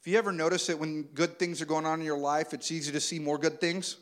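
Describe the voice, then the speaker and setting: A man, preaching a sermon that swings between loud urging and quiet, intimate passages. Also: a little high, steady tone, quick pace. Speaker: pastor.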